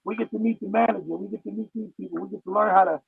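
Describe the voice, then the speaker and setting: Podcast guest, man, high gravelly husky voice, blunt storyteller, tinny phone-quality audio. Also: steady tone, rapid-fire, dry recording. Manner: blunt street talk, acts out voices in stories. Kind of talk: casual chat. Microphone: no headphones, sounds like phone or distant mic.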